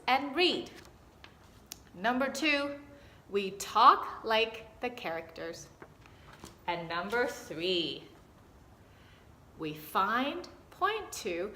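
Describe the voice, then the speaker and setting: A woman teacher speaking slowly and clearly to parents, with a sing-song storytime delivery, in what sounds like a classroom. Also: fairly high pitch, bright, forceful tone. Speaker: kindergarten teacher. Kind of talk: recorded update for parents. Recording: echoey room, faint hiss.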